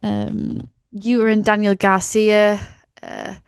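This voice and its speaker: A young woman co-hosting a wrestling podcast in a playful, animated, sweary chat. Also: mid-range voice, slow, gravelly, clean tone, dry recording. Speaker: podcast co-host. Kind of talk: casual chat.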